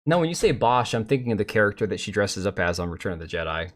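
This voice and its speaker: A man's voice: fairly low pitch, sing-song, quick pace. A middle-aged man hosting a live stream, rambling bluntly with profanity as he reads and answers chat.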